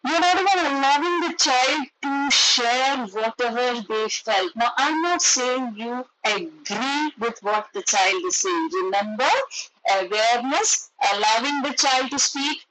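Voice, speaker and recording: A woman with an Indian English accent delivers a parenting lesson in a somewhat high voice. She explains each point earnestly and slips into playing the parent and the child as she goes. She sounds middle-aged and steady, like a seasoned educator. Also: a little slow, no echo, low-quality recording. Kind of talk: parenting talk.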